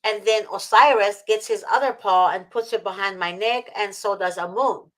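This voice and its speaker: A woman's voice: mid-range voice, moderate pace, poor audio. A woman from Egypt chatting casually as host, emotional and gushing, with many fillers and restarts. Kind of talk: casual video-call chat.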